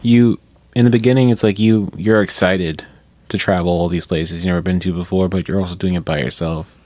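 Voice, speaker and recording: A man's voice: deep voice, fairly even intonation, a little fast, darkish tone, no echo. A man co-hosting a casual podcast, laid-back, chiming in with short asides and explanations. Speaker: podcast co-host. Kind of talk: casual chat.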